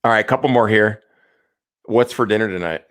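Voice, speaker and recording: A man's voice: lowish voice, moderate pace, a bit bright. A young man hosting a casual live video chat, easygoing and joking, with plenty of ums. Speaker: host. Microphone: video call.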